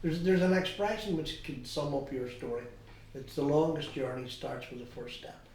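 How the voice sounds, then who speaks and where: A man interviewing a guest, asking measured, encouraging questions. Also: on the high side, a little mellow. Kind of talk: conversational interview. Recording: echoey room, heard from a distance.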